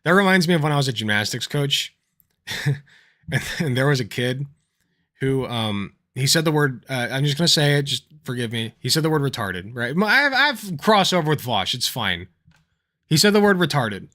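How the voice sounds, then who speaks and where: A man's voice: mid-range voice, sing-song, moderate pace, sharp tone. A man hosting a livestream, chatting casually and telling anecdotes, swearing freely and laughing at his own stories. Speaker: livestream host.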